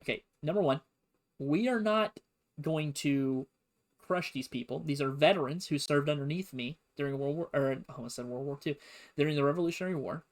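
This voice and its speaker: A man putting on a calm, reasonable older general and president, reasoning in a measured, folksy way. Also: on the high side, natural voice.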